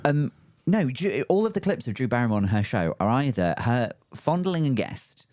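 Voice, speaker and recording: A male podcast host, playful and gossipy, tossing off quick teasing remarks. His pitch leaps all over the place, and the recording is dry and close. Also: sing-song, a little mellow, no echo. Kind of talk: casual chat.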